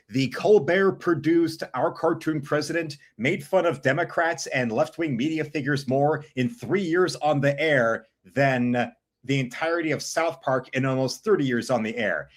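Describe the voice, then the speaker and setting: A man hosting a live stream, giving blunt, sardonic commentary. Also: fairly high pitch. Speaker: streamer host.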